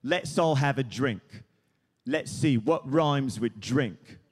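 A comedian doing a curt, imperious old rock star. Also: male voice, mid-range voice, slow pace, voice pushed down, natural voice. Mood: commanding. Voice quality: clipped, drawled one-word answers.

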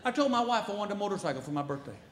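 A man doing stand-up comedy, telling self-mocking stories in an animated way and laughing at his own jokes. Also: sits high, rapid-fire, echoey room, a faint crowd, slight background noise. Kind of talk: stand-up storytelling.

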